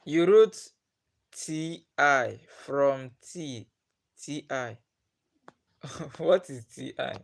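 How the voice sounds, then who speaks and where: Slow-talking Nigerian man hosting a live stream. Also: mid-range voice, creaky. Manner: chatty, laughs often, greets viewers by name. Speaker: livestream host. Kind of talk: casual live-stream chat with viewers.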